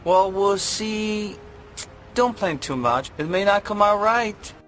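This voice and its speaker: A man's voice: sits high, lively intonation, slow pace, a bit bright, faint music behind, full character voice. A man voicing a sheltered, petulant young boy in a comedic parody dub, with overwrought, whiny outbursts. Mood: melodramatic.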